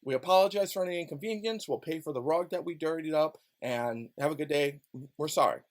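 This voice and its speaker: A man's voice: fairly quick, lightly acted. A man doing a smug, mock-sorry court official. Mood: mock apologetic. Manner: low, quiet, mocking.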